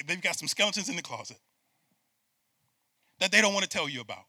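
A man preaching a sermon with call-and-response, swinging from loud bursts to hushed asides. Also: high voice, big pitch swings, fast talker, long pauses, dry recording, clean studio sound. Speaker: pastor.

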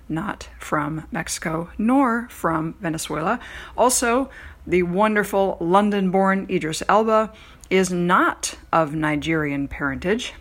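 A woman's voice: on the low side, a bit bright. A woman podcast host reading corrections before an episode. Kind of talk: podcast intro.

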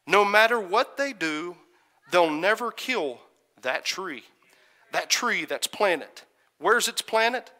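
A man preaching a sermon, moving from quiet storytelling to loud, fervent calls and asking the congregation for an "Amen". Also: high voice. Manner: builds from soft musing to shouted fervor, calls "Amen?".

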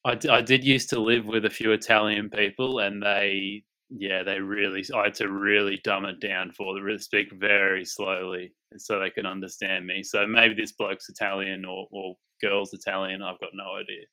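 Laid-back Australian man, bright voice. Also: on the low side, little pitch movement, moderate pace, hardly any pauses, poor audio. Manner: laid-back, says "mate" often, jokey. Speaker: podcast co-host. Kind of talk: casual chat.

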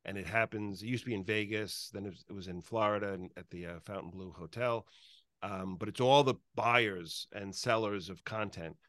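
A man's voice: lowish voice, fairly quick, a bit bright, dry recording. A man hosting an interview, giving short encouraging reactions and telling his own stories with many fillers. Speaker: interview host. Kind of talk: casual interview chat.

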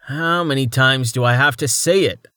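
A narrator voicing a calm armored man who speaks in a measured, patient way. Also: medium pitch, no echo, studio quality, natural voice.

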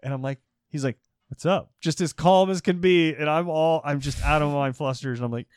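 A man co-hosting a comedy podcast, telling a story in a casual, animated way, laughing and swearing as he goes. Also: fairly high pitch, fairly quick, clean tone. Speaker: podcast co-host.

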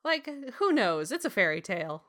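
A woman's voice: fairly low pitch, very animated, normal speed, fairly bright tone. A young woman co-hosting a casual chat, laughing often as she jokes along.

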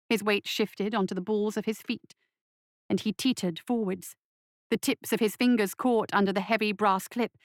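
A woman narrates a scripted adventure story at a measured pace, slowing down for dramatic passages. Her voice sits in a middle pitch. The recording is dry and close, with no room around it. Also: no room sound.

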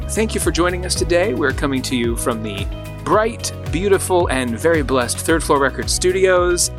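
A man's voice: on the high side, fairly bright tone. Upbeat man hosting a motivational podcast. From rural farm upbringing. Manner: upbeat, encouraging, coaxing listeners to repeat affirmations. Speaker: podcast host and coach. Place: recording studio.

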